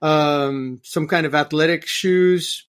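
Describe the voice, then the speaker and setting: Animated man with a slightly high voice. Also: slow pace. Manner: animated, voices other people in anecdotes; repeats words while searching for phrasing. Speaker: podcast guest. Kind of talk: conversational interview.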